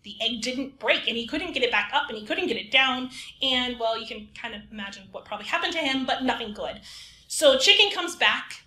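A woman reading a folk tale aloud for children, animated and playful, acting out the characters as she tells it. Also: fairly high pitch, brisk, echoey room. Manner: lively, acts out characters in whispers and squeals. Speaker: librarian storyteller.

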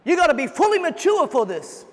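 High-voiced man preaching fervently. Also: big pitch swings, fairly quick, long reverb tail. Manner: fervent preaching, bursts of shouting. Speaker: pastor. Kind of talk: sermon. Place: church service.

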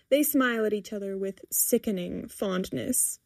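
A woman reading a scripted comic story aloud in a wry, measured way. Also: medium pitch, creaky, a little mellow, dry recording, studio quality. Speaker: story reader. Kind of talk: scripted narration.

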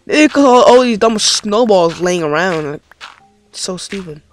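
A man's voice: high voice, lively intonation, unhurried, faint music behind. A man giving rambling let's play commentary on his game, easily frustrated and swearing often. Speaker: gaming commentator.

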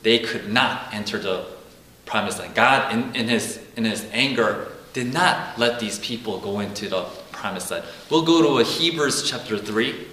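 A man's voice: on the low side, measured pace, sharp tone, echoey room, poor audio. A man giving an informal Bible teaching, talking casually, repeating himself and acting out quotes. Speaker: preacher.

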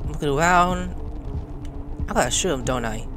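A man playing a horror game and commenting, excitable, swearing and yelling at the screen. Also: fairly high pitch, moderate pace, background noise. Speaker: gamer. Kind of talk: let's play commentary. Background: game music.

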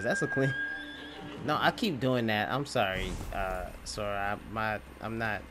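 A man giving let's play commentary, reacting out loud and trash-talking the game. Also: on the low side, measured pace. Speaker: gaming channel host. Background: game music.

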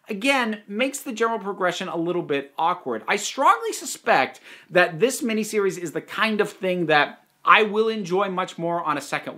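Guy reviewing stuff on his channel, kinda high voice, thinking out loud. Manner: analytical, thinking aloud. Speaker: video reviewer, channel host. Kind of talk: casual spoken review.

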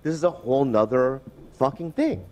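A man's voice: medium pitch, expressive, moderate pace, a little mellow. A man, a podcast guest, rambling and swearing and often asking for agreement. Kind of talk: casual interview talk.

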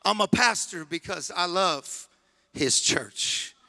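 Man, guest pastor, sermon, high voice, bright tone, repeats phrases, rises to passionate shouting. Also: lively intonation, takes it slowly, gravelly. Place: church sanctuary.

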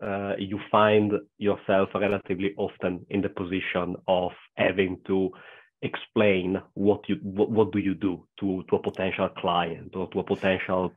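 A man with an Italian accent, hoarse from a cold, moderating an interview over a video call and pausing often to find his words. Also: low-pitched, little pitch movement. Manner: halting, searching for words. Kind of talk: conversational interview questions. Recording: tinny call audio.

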